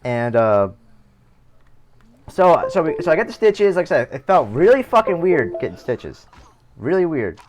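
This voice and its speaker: A man's voice: on the high side, very animated, moderate pace, long pauses. Swearing male streamer telling a story. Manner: rambling, heavy swearing, lots of restarts. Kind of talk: casual storytelling.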